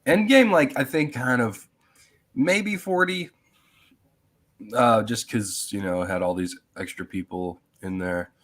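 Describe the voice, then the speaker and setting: A man's voice: medium pitch, unhurried, a bit bright. A man hosting a casual movie podcast over a video call, rambling with fillers and restarts. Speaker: podcast host.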